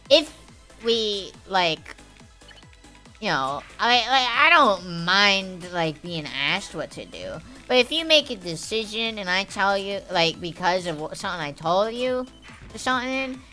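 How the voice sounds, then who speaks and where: A young woman rants at her stream chat in a bright, edgy voice that sits a bit low, swearing freely and trailing through fillers. Faint game music plays underneath. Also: very animated, measured pace. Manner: profane, heated, rambling with many fillers. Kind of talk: rambling live-stream chat.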